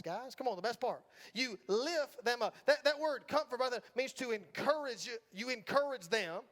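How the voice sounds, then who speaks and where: A man's voice: very high-pitched, fairly bright tone. A middle-aged man with a Southern US accent preaching a sermon in a church, talking with the congregation in a casual, joking way and often checking in with "right?". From Georgia, US. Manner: conversational, asks the congregation "right?" often, jokes. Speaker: pastor. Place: church sanctuary.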